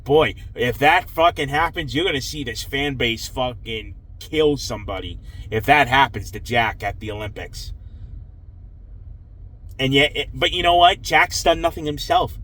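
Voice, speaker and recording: A man's voice: medium pitch, measured pace, pushed and bright, rough recording. Frustrated New man ranting. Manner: frustrated, swearing, dejected. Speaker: hockey fan vlogger. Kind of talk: angry post-game rant.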